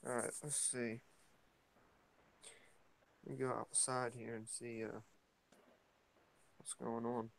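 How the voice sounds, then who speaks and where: Taking it slowly with long pauses and some vocal fry, a man in a mid-range voice hosts a casual morning chat vlog while stepping into his yard at home. He rambles in a relaxed, hesitant way, full of fillers and restarts, on a rough recording with slight background noise.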